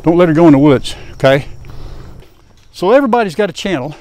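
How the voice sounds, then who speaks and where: A man's voice: on the high side, expressive, fast talker, darkish tone. An older man hosting a farm vlog outdoors, chatting in a folksy, wry way to viewers. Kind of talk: casual vlog to camera. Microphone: lapel.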